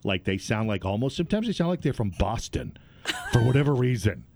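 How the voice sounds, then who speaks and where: A man's voice: mid-range voice, big pitch swings, brisk, a little mellow. A man co-hosting a radio show, chatting casually and telling jokey stories with lots of expression.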